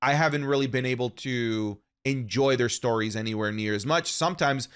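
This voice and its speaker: A man's voice: medium pitch, moderate pace, clean tone. A man co-hosting a casual podcast, giving rambling, opinionated takes with frequent restarts. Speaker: podcast co-host. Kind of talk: casual wrestling podcast chat.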